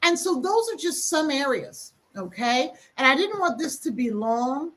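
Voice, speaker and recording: A woman hosting a reflective teaching talk, speaking emphatically and acting out quick asides. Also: high-pitched, very animated, a bit bright. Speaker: host.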